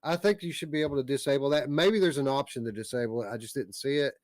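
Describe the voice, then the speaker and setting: A man hosts a casual chat show, griping bluntly and reading comments aloud. His voice sits in a middle pitch, recorded dry with no room sound. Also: fast, a little mellow, no echo. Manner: blunt, ranting, reads out chat. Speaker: podcast host.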